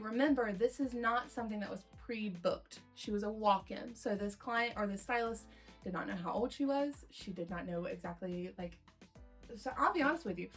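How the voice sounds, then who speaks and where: A young woman hairstylist telling a client story in a casual, rambling storytime way, acting out the quotes. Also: mid-range voice. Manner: rambling, chatty, acts out quotes in lively voices.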